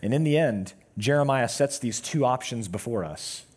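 A man delivers a sermon from the pulpit, his voice husky and a little breathy. He speaks in a medium register and presses his points with measured, deliberate pauses. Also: mid-range voice, a little mellow. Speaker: pastor.

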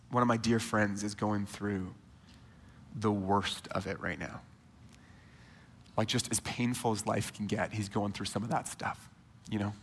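A man in his thirties preaching a sermon to a church congregation in a conversational, animated way, speaking straight to his listeners. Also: on the low side, breathy edge, in a large hall. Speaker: pastor. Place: church sanctuary.

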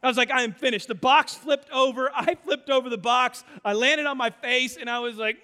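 High bright-voiced male pastor preaching. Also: moderate pace, clear, resonant tone, big-room sound. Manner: animated storytelling with self-deprecating humor. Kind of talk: sermon.

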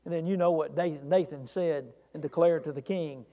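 A man with a notably high speaking voice delivers an earnest sermon as pastor. He leans into direct questions to the congregation, and his words ring out with a long reverb tail from a large church room. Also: normal speed, dark tone.

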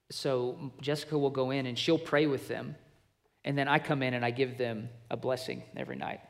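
A man in his thirties preaching to men, telling a family story in an earnest, conversational way that builds into forceful preaching. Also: medium pitch. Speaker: pastor. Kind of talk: sermon to men, personal storytelling.

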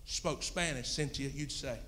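A man's voice: mid-range voice, a little slow, sharp tone, a little hiss or hum. A man preaching a sermon, telling a story in a folksy, plain-spoken way. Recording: long reverb in a hall.

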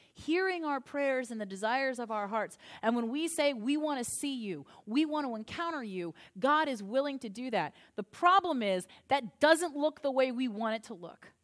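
A woman pastor giving a conversational, animated sermon. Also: on the high side, moderate pace, hardly any pauses.

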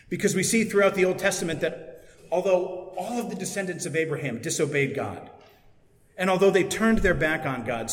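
A man's voice: on the high side, fairly bright tone, slight background noise. A man preaching a sermon in a conversational, explanatory way. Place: church. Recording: echoey church with long reverb.

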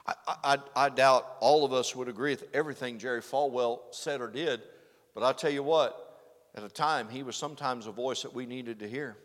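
A man preaching a sermon, swinging from loud exclamations to hushed, earnest lines. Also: medium pitch, a little fast. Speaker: pastor. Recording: preaching in a reverberant hall.

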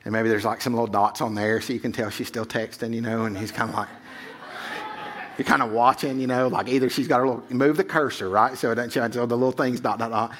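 A man's voice: medium pitch, steady tone, quick pace, fairly bright tone. A middle-aged male pastor giving a sermon in a casual, conversational way, often checking in with 'right?'.

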